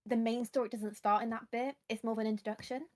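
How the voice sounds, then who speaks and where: A woman's voice: a little high, fairly even intonation, quick pace. A young woman streamer chatting casually about books, rambling and explaining at length.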